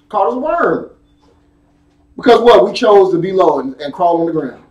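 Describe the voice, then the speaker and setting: A man's voice: sits high, sing-song, moderate pace, pauses often, a little mellow. A man preaching a sermon and reading scripture, emphatic and conversational, drawing call-and-response from his congregation. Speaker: pastor. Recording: echoey room, speaker far from the mic.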